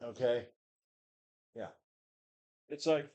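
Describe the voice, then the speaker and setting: A home gym vlogger delivers a casual rant to camera in a slightly high voice at a measured pace. He sounds tired and run-down, rambling and swearing, often repeating himself and starting over.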